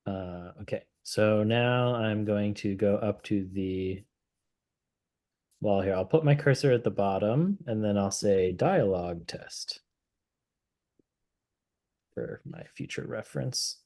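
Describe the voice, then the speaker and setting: A man hosting a casual software demo livestream, relaxed and thinking aloud as he clicks through the tool. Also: lowish voice, slow pace, pauses often. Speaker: host of a product livestream.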